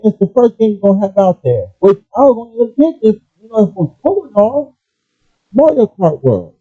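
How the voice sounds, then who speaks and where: A man ranting casually about gaming and pausing often to apologize for his language. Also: high voice, dry recording. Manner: animated, apologetic asides, restarts. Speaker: gaming commentator. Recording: dull lo-fi, dry.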